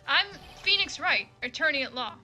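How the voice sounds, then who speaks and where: A woman's voice: high-pitched, animated, normal speed, pushed and bright, soft background music, exaggerated voice. A woman voicing an earnest young male defense lawyer, flustered and polite.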